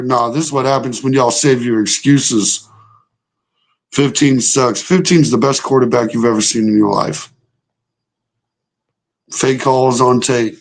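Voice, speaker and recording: Young man, sports streamer, argues hotly with chat, lots of profanity. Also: medium pitch. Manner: heated, profane, argumentative with chat. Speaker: sports show host reacting live. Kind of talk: casual livestream reaction, reading chat.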